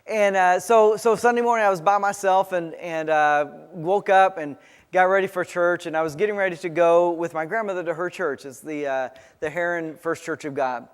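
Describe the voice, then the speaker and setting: A man with a high voice preaches in a church sanctuary, and the sound hangs in a long reverb. He tells a personal story as his sermon, halting often and restarting his phrases. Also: clean tone. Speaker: pastor.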